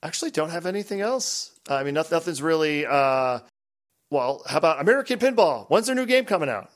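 A man hosting a podcast in a relaxed, rambling, casual chat. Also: fairly high pitch, brisk. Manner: relaxed, rambling, drifts off mic at times. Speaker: podcast host.

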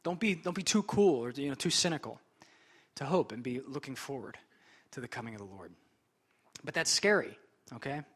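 A man's voice: medium pitch, expressive, normal speed, pauses often, a bit bright, husky. A young man preaching a sermon as pastor, conversational and chatty, with frequent casual asides.

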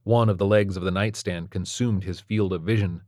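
A man narrating a story in a steady, measured way. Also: deep voice, no echo, clean studio sound. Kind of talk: scripted narration.

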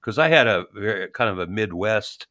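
A man with a Southern American accent co-hosting a podcast, easygoing and quick to laugh. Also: on the low side, animated, bright, forceful tone, dry recording, studio quality. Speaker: podcast co-host. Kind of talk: casual chat.

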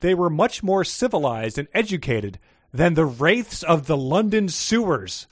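A man's voice: a little high, very animated, measured pace, no room sound, studio quality. A man co-hosting a casual chat, wry and joking, telling the story in his own words. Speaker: podcast co-host. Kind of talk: casual book discussion.

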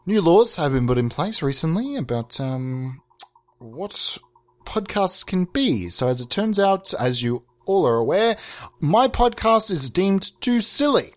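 A man hosting a comedy podcast, swearing often and swinging between loud excited bursts and mock-calm mumbling. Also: fairly high pitch, slow pace. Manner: swears a lot. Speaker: podcast host. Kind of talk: absurdist comedy monologue.

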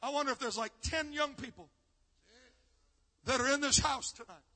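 High-pitched, fervent shouting preacher man. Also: moderate pace, long reverb tail. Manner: fervent shouted preaching, drops to a hushed storytelling tone. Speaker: youth conference preacher. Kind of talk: live sermon. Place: live church service.

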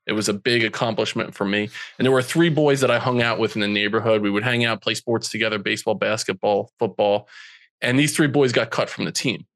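A man's voice: lowish voice, a bit bright, no echo, studio quality. A man in his forties, a podcast guest telling a personal story in an earnest, emotional way. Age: 40s. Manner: earnest, slow and emotional when recalling hurt.

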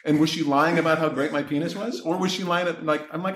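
A man talking candidly as a podcast guest, telling his story in an animated way and loudly acting out his exasperation. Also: on the high side, fast talker, echoey room, slight background noise. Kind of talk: candid casual chat.

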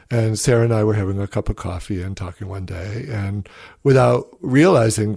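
Low gravelly guy, psychologist on a podcast, calm measured storyteller, dry close sound. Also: no room sound. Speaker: psychologist guest expert. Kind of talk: podcast interview, explaining.

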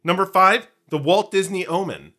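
A man's voice: high voice, normal speed, bright, forceful tone. A man co-hosting a casual podcast, playful and jokey, slipping into hammy pirate bits. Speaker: podcast co-host. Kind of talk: casual chat.

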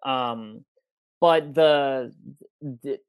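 A man's voice: mid-range voice, drawn-out words, clear, resonant tone, dry recording. A man in casual podcast chat, easygoing and thoughtful. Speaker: podcast co-host.

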